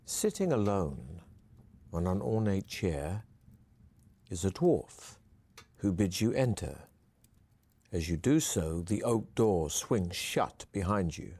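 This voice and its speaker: Deep-voiced male game narrator. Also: sing-song, slow, pauses often, warm tone, slightly rough. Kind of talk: scripted second-person narration.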